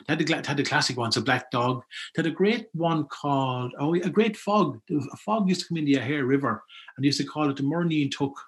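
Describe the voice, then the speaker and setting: A man's voice: fairly high pitch, fast talker. A man with an Irish accent, chatting casually about folklore he collected, rambling with lots of restarts and asides. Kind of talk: casual storytelling chat.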